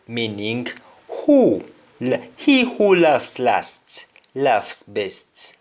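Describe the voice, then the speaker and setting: A man with a mid-range, very animated voice gives a slow spoken lesson on patois phrases. He repeats each word several times while explaining it.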